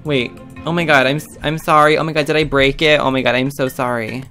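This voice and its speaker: Man, gaming YouTuber, comedic commentary, excitable, theatrical shrieks, middle pitch, soft music underneath. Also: brisk.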